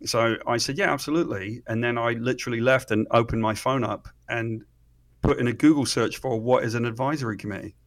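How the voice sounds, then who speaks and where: A middle-aged man, an interview guest telling stories excitedly, swearing freely and often restarting his sentences. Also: mid-range voice, fairly quick. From Britain. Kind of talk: animated storytelling in conversation.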